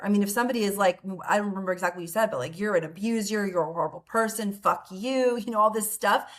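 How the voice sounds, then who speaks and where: A woman's voice: medium pitch, fairly bright tone. A woman psychologist talking as an interview guest, earnest and conversational, often saying "like" and "right?".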